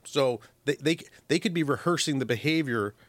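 Animated man giving radio dog advice. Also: mid-range voice, normal speed, dry recording. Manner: animated, acts out dog and owner voices. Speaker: professional dog trainer, radio guest.

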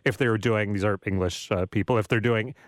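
A man's voice: lowish voice, a little fast, dry recording, studio quality. A man hosting a radio interview, asking questions in a conversational, curious way with some hesitations.

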